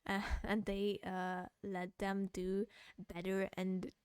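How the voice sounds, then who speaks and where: A woman's voice: mid-range voice, completely flat delivery, slow, clean tone, dry recording. Ranting woman streamer with a dry close mic. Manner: heated, sweary ranting that breaks into laughter. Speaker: streamer reacting to a post. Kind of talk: casual livestream commentary. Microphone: close mic she bumps.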